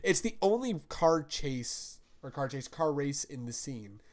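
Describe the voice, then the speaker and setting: A man's voice: medium pitch, big pitch swings, measured pace. A young man hosting a casual podcast chat, rambling, swearing freely and breaking into impressions. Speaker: podcast host.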